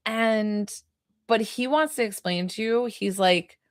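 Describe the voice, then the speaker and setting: A chatty woman gives a live psychic reading, piling up "like" fillers as she goes. Her voice sits at a middling pitch. The sound is dry and close, with no room echo. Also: slow pace. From New York. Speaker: psychic medium.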